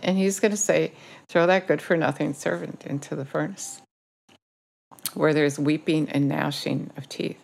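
A woman's voice: sits low, steady tone, moderate pace, vocal fry. A woman giving an informal sermon, urging listeners with pointed rhetorical questions. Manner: urgent, exhorting, rhetorical questions. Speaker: preacher.

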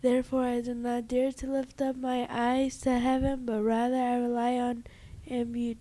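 A woman reading long penitential prayers aloud, halting and stumbling over words as she goes. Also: a little high, flat delivery, dark tone, low-quality recording. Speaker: prayer reader.

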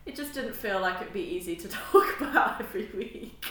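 A woman's voice: medium pitch, expressive, moderate pace, sharp tone, roomy sound. A woman co-hosting a podcast at home, chatting casually, laughing often and mimicking other voices. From Britain. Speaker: podcast co-host. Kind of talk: casual chat. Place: home living room.

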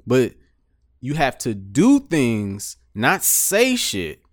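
A man's voice: mid-range voice, huge pitch swings, very slow. A middle-aged man co-hosting a casual podcast chat, ranting bluntly with lots of profanity.

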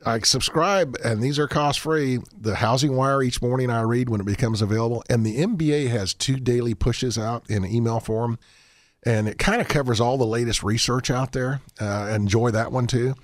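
A man's voice: medium pitch, moderate pace, dry recording, studio quality. A man, a radio show guest talking in a folksy, rambling way with frequent restarts. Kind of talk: radio talk show interview.

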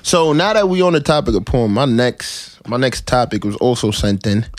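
A man's voice: medium pitch, animated, moderate pace, dry recording, clean studio sound. A young man co-hosting a podcast in brash, slangy casual chat, reading out listener questions. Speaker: podcast co-host.

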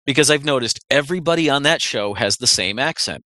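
Guy chatting on a podcast, bright forceful voice, rambles and restarts a lot, dry mic. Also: medium pitch, animated, a little fast, no room sound. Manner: rambling, self-interrupting, laughs often. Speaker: podcast co-host. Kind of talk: casual chat.

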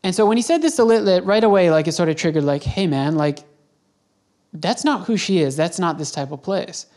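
A man's voice: high voice, expressive, a little fast, darkish tone. A man hosting a podcast, telling a travel story in a casual, rambling way and often correcting himself. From United States. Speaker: podcast host.

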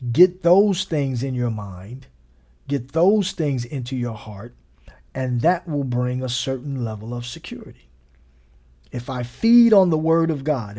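A man's voice: medium pitch, warm tone. A man preaching an informal sermon, talking conversationally and repeating words of encouragement.

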